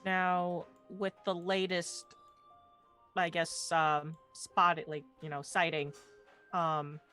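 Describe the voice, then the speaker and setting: A woman plays in a tabletop game, chatting casually in character and out. Her voice is bright and clear, with faint music behind her. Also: on the low side, little pitch movement, takes it slowly. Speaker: player. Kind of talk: casual tabletop role-play.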